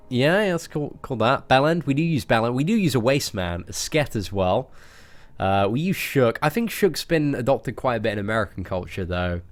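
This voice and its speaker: An English man chatting casually on a game live stream, joking and often restarting his sentences. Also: medium pitch.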